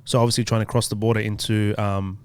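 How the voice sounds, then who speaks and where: A man's voice: fairly low pitch, little pitch movement, quick pace, clear, resonant tone. A man, a podcast co-host, telling a story in casual chat, blunt and swearing freely. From Australia. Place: podcast studio.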